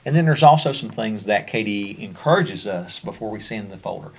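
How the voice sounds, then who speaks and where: A man's voice: on the low side, lively intonation, a little fast. A man with a Kentucky accent presenting a special education training over slides, in a conversational way with frequent fillers and restarts.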